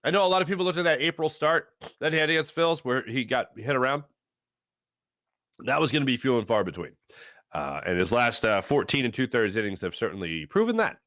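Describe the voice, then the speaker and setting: A man hosting a sports talk podcast in an animated, lively voice that swings up and down as he retells a play. He jumps into quick impressions of the players now and then. The sound is dry and close, with no room around it. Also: medium pitch, no echo. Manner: animated, acts out players with shouted asides. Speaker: sports talk show host.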